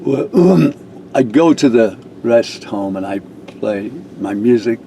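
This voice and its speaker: A man's voice: medium pitch, expressive, slow pace, mellow, a little hiss or hum, rough recording. An older man, a reverend, telling a rambling personal story with chuckles and restarts. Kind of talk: casual storytelling.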